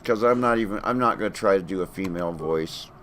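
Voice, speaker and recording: Deep-voiced laid-back man streaming a game. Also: quick pace, a bit bright, slight background noise. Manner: laid-back, chatty, talking to himself. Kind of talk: casual gameplay commentary.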